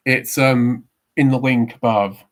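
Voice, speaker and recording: A Welsh artist streams himself drawing live, chatting in an easygoing, rambling way with lots of fillers. His voice is medium-pitched and slow, with fairly even intonation.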